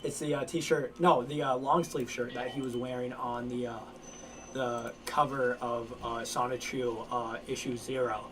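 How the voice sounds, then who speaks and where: A man casually telling a long story to friends, rambling and halting with lots of fillers and restarts. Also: mid-range voice, little pitch movement, background noise. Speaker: lore storyteller among friends. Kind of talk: casual chat.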